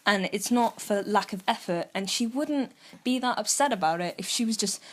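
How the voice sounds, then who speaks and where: A woman's voice: medium pitch, animated, normal speed. A young woman co-hosting a podcast, chatting casually with lots of fillers and acted-out quotes. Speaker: podcast co-host. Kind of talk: casual chat.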